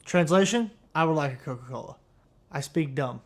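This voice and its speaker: A man's voice: on the high side, moderate pace, slight background noise. A man adding dry, self-mocking commentary over his father's story. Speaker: comedian's son giving commentary.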